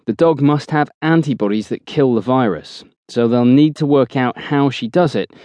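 A man's voice: mid-range voice, normal speed, no room sound, pitched above the performer's own voice, close to an everyday voice. A man voicing a level-headed male squad leader who reasons things out in a weary tone. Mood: pondering. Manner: weary, thinking out loud.

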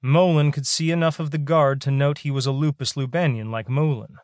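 A man narrating a science fiction audiobook in a steady, measured way. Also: mid-range voice, no echo, clean studio sound. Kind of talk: scripted sci-fi narration.

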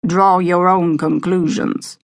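A woman voicing a combative male defense attorney, declaiming loudly to the press. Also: lowish voice, steady tone, slow. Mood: indignant.

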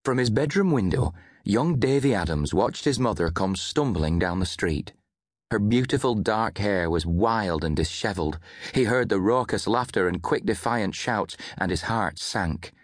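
A man narrating an audiobook in a measured storytelling manner, close to a studio mic. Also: fairly low pitch, animated, dry recording. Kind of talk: scripted narration.

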